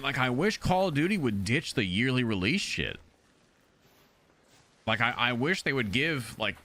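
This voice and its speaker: A man's voice: medium pitch, a little hiss or hum. A man streaming a game live, chatting casually with heavy swearing and stammered restarts. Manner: profane, animated, frequent stammering restarts. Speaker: gaming streamer. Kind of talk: casual live-stream chat while playing.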